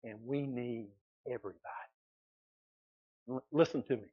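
A man's voice: mid-range voice, normal speed, pauses often, dark tone, husky, no echo. A man from South Georgia with a Southern accent, preaching a sermon as pastor and building to emphatic repetition. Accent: Southern American (Georgia). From South Georgia, USA. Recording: dull lo-fi sound.

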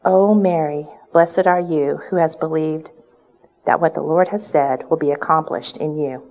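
A woman voicing an elderly female relative who loudly exclaims blessings in awe. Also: low-pitched, steady tone, a little slow, low-quality recording. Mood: exultant.

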